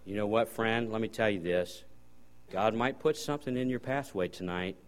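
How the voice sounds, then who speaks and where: A man preaching as a guest preacher, folksy storytelling with sudden loud bursts. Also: fairly low pitch, normal speed. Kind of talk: sermon.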